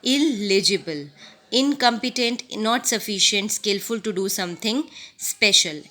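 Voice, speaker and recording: A woman's voice: medium pitch, normal speed, sharp tone. A woman teacher with an Indian English accent reads a vocabulary list word by word, giving short definitions and slipping into Hindi to explain. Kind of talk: reading vocabulary lesson aloud.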